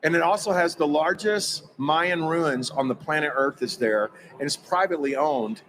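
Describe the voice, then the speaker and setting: Excitable man telling a story. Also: fairly high pitch, normal speed, slight background noise, poor audio. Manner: acts out quoted dialogue, excitable, emphatic. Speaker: guest recounting a personal experience. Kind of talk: animated spoken storytelling.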